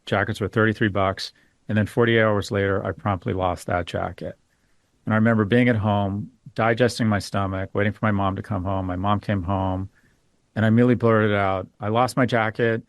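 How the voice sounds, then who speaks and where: A man's voice: lowish voice, fairly even intonation, a little fast, dry recording, studio quality. A middle-aged man, a guest on a podcast interview, speaking in a candid, opinionated way and telling stories. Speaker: guest financial expert.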